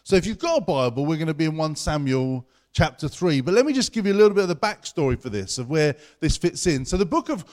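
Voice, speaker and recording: Young guy preaching in church, quick and chatty, kinda high voice. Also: expressive, a little mellow. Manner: chatty and conversational, talks fast. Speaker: pastor. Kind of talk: sermon.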